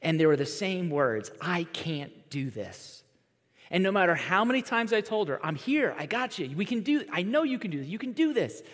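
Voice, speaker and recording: Pastor guy in his 30s preaching, fairly high voice, chatty and animated, acts out little quotes, big hall echo. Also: fairly quick, few pauses. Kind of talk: sermon. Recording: long reverb of a large hall.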